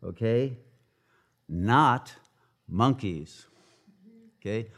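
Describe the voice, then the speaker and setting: A man's voice: on the low side, lively intonation, extremely slow, fairly bright tone. A man giving a casual spiritual lecture, retelling an epic with many fillers and restarts. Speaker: spiritual teacher.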